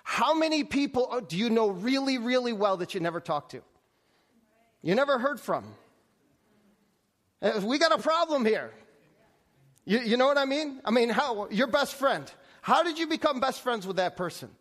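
A man's voice: extremely high pitch, very animated, normal speed, pauses often, fairly bright tone. A man preaching a conversational sermon, often restarting and asking the audience rhetorical questions. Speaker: pastor.

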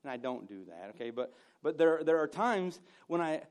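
A man preaching a conversational sermon, self-mocking, with loud emphatic bursts and hushed asides. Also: fairly high pitch, very animated, normal speed.

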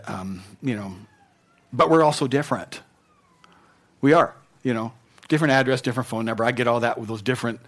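A man preaching a sermon as pastor in a church, conversational and at times emphatic. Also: medium pitch.

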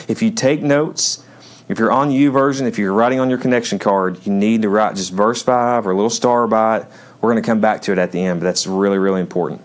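A man's voice: lowish voice, fairly quick. A male pastor giving a sermon, conversational and joking with the congregation, then reading scripture with rising emphasis.

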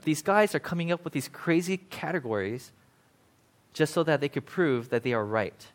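A man preaching a casual, conversational sermon, paraphrasing scripture in lively everyday speech with frequent "right?" asides. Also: fairly high pitch, moderate pace. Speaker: pastor.

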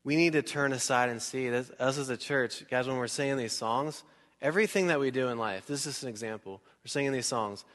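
A male pastor preaching a sermon in a church hall. He talks in a conversational, animated way, asks the crowd questions and acts out little scenes. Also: mid-range voice, a little fast. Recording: long hall reverb.

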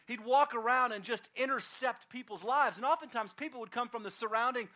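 High, bright-voiced man preaching casually. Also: fairly quick. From Oklahoma, United States. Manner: casual, animated storyteller with frequent fillers. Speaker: pastor. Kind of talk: conversational sermon with storytelling.

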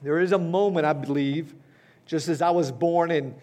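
A man in his fifties delivers a sermon to a congregation, his voice sitting somewhat high for a man. He preaches in a conversational way, pausing often to check in with listeners with a quick "right?" or "okay?". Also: darkish tone. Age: 50s. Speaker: pastor. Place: church hall before a congregation.

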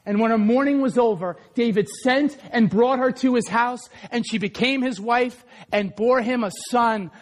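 A man preaching a sermon, telling a story with animated, conversational energy. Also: very high voice, moderate pace, hardly any pauses. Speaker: pastor.

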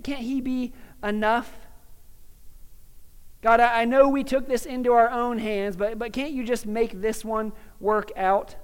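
A man voicing an aging patriarch who earnestly pleads and bargains with God, halting and repeating himself. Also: high voice, smooth. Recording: long reverb of a large hall.

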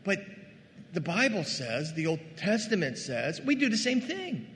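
A male pastor delivering a conversational, animated sermon, calling his congregation "gang" and acting out scripture scenes. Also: sits high, a little slow, big-room sound, a little hiss or hum. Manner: addresses the congregation as "gang" and "guys".

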